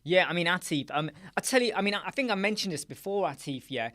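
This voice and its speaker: A man's voice: sits high, expressive, fast, a bit bright. A man chats with his viewers on a live stream in a loose, joking way. He riffs on silly wordplay and laughs easily between his answers. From United Kingdom. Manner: jokey, playful, riffs on words and laughs often. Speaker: live chat show host. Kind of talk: casual live-stream chat. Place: small dark room with soundproof panels.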